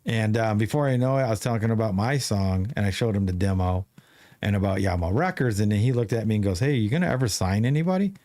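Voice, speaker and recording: A man's voice: on the low side, fast talker, warm tone. Rambling male podcast host. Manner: rambling storyteller with many restarts. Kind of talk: casual chat.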